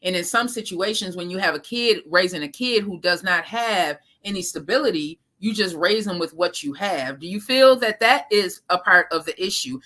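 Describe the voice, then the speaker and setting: Bright-voiced woman chatting on a live stream. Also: fairly low pitch. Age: 30s. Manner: talks straight to viewers with slang, laughs often. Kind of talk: casual live-stream chat reading viewer comments.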